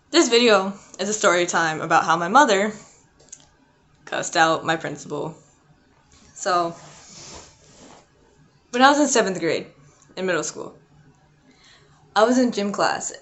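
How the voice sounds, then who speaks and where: A woman's voice: lowish voice, expressive, slow pace, long pauses, fairly bright tone. A young adult woman vlogging a casual storytime, rambling and chatty with lots of "like" and "um". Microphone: not her usual mic.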